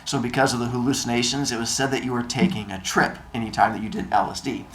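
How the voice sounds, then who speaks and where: A man's voice: mid-range voice, quick pace, fairly bright tone. Man reading a novel aloud casually. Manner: casual, explains as he reads. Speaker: reader and host. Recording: roomy room with faint noise.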